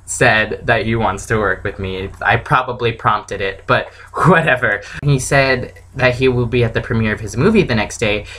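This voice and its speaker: Young woman vlogger, casual excitable storytelling, gushing fan energy. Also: very deep voice, moderate pace, few pauses, rough recording. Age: young adult.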